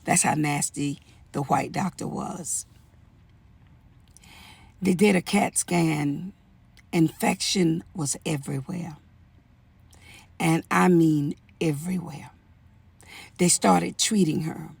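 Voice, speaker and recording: A woman's voice: deep voice, steady tone, slow pace, vocal fry, pauses often, a little mellow, slightly rough, dry recording. An older woman telling a family story as personal testimony, earnest and pleading as she warns other women. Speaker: storyteller sharing a family account.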